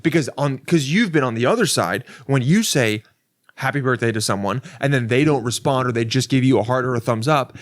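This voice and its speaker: Brisk and lively in intonation, a man with a mid-range voice hosts a comedic solo podcast, captured in a dry, studio-quality recording. He keeps cutting himself off and restarting, rambling along with profane, wry remarks.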